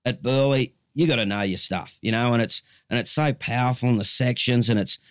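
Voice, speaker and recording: A man's voice: mid-range voice, brisk, fairly bright tone, smooth, no room sound, studio quality. A man in his fifties with an Australian accent, telling stories as a guest in a casual chat, rambling with restarts. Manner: chatty storyteller, rambling with restarts.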